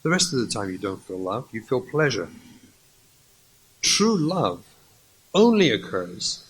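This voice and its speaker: A man's voice: medium pitch, very animated, unhurried, fairly bright tone, poor audio. A man, a rabbi, giving a lecture and acting out stories, emphatic and repeating key points.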